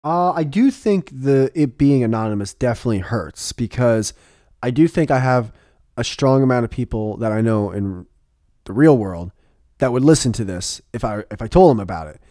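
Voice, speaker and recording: A man hosting a podcast, chatting casually over an online call, animated, swearing a lot and laughing often. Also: medium pitch, normal speed, dry recording, clean studio sound. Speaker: podcast host. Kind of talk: casual chat.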